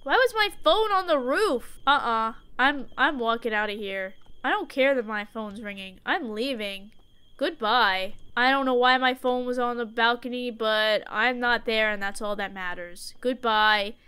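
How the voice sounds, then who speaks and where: Woman gaming streamer, high bright voice, jokey horror let's play chatter, yells at the game. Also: measured pace, clear, resonant tone. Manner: jokey, talks to the game, screams at jump scares.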